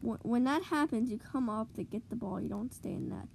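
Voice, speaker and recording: A woman giving excitable live commentary on her own gameplay, cheering goals and groaning at misplays. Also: on the high side, a little fast, creaky, slight background noise. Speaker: gamer streamer.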